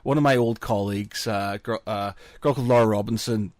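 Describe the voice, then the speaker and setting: A man's voice: on the low side, fairly quick, a little mellow, no echo. A man with a Northern Irish accent, co-hosting a podcast in casual chat, rambling and laughing often. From Northern Ireland. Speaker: podcast co-host.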